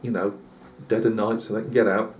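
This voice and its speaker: A man's voice: lowish voice, little pitch movement, a little fast, a little mellow, slight background noise. A British man telling a rambling comic tall tale on his channel, full of asides and fillers. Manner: chatty, lots of asides and fillers. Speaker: channel host.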